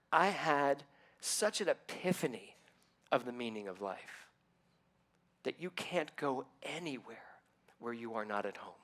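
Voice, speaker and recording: A middle-aged man, a minister, telling a personal story in a sermon, acting out what others said with lively ups and downs. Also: medium pitch. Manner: animated storytelling, acting out quoted voices.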